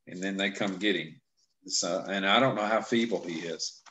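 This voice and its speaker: A man teaching a Bible class in a relaxed conversational way, explaining verses with frequent restarts and fillers. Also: low-pitched, normal speed. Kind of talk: casual scripture teaching discussion.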